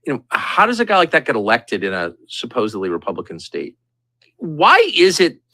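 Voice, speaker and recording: A man's voice: on the low side, wildly swooping pitch, fast, sharp tone, no echo. A man in a commentary clip asking indignant rhetorical questions.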